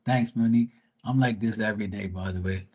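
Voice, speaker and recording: A man's voice: fairly low pitch, steady tone, a little fast, a little mellow, slightly rough. A man giving tarot readings on a casual live stream, joking, rambling and swearing freely.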